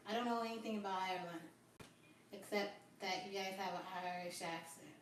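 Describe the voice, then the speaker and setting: A woman's voice: mid-range voice, fairly even intonation, brisk, slight background noise. A woman hosting a casual livestream on her phone, chatting and rambling to her viewers. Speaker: livestream host. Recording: very echoey room, far from phone mic.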